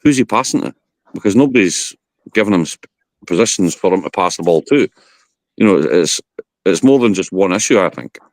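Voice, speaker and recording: A man's voice: low voice, lively intonation, a little fast, no echo. A man, a guest on a football podcast, giving blunt, rambling opinions in casual chat.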